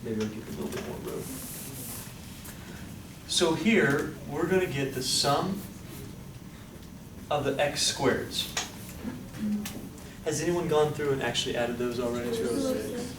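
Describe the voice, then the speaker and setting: A man's voice: a little high, very animated, measured pace, long pauses. A man teaching a classroom lecture, upbeat, quizzing his students and coaxing answers out of them. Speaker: statistics lecturer. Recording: echoey room, distant mic, background noise.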